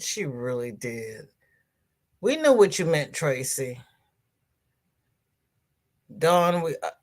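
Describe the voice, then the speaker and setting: A middle-aged woman hosts a relaxed crochet livestream, reading viewer comments out loud. She's gushing and warm, calling people "girl" and "honey," laughing a lot, and her pitch shoots up when she gets excited.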